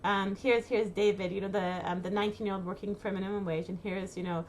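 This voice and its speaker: A woman's voice: mid-range voice, steady tone, quick pace, slight background noise. A middle-aged woman giving casual spoken advice to mothers, talking with many fillers and restarts and acting out worried inner thoughts. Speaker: inspirational speaker to mothers.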